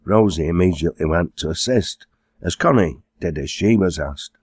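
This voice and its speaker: A man reading his own audiobook in a measured storytelling manner. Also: deep voice, a little mellow, husky, dry recording, clean studio sound. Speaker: author narrating own audiobook. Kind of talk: scripted narration.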